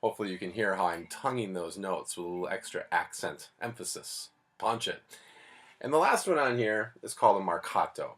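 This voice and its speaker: Low-voiced man teaching band class. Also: lively intonation, fairly quick, fairly bright tone, faint music behind. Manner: patient, explanatory, plainspoken. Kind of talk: music lesson.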